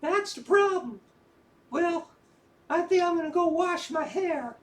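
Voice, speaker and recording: An actress in an audio drama playing a blunt, teasing woman friend who has a soft side. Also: extremely high pitch, lively intonation, measured pace.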